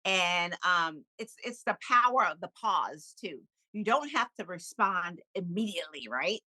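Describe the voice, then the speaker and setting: A middle-aged woman, a podcast guest, telling a personal story in an animated, candid way with frequent laughs. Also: lowish voice, measured pace, dry recording, rough recording. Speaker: podcast guest, kindness speaker. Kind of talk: casual storytelling interview.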